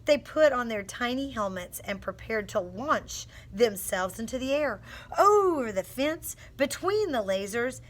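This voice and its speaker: A woman's voice: a little high, unhurried, hardly any pauses. A woman teacher reading a picture book aloud to young children and coaching them through sounding out words. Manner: expressive storytelling with phonics coaching.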